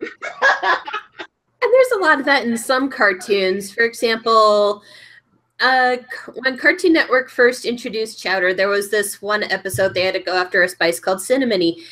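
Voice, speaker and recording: A woman chatting on a stream, excitable and laughing as she tells stories. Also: on the high side, moderate pace. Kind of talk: casual chat.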